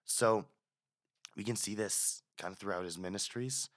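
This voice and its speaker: A man's voice: fairly low pitch, moderate pace, a bit bright. A man in his twenties, a student guest on a casual podcast, retelling stories with animation and frequent restarts.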